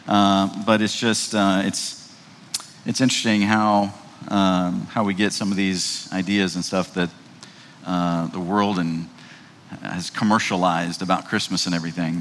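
A man's voice: lowish voice, a little slow, slight background noise. Man preaching in a reverberant hall. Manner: conversational, frequent fillers and tag questions; reads scripture aloud in old-fashioned wording. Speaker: pastor. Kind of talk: sermon.

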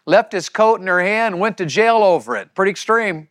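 A man preaching a sermon to men, emphatic, throwing rhetorical questions, swinging between loud punches and quiet asides. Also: high-pitched, moderate pace, dry recording, clean studio sound. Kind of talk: sermon to a men's session.

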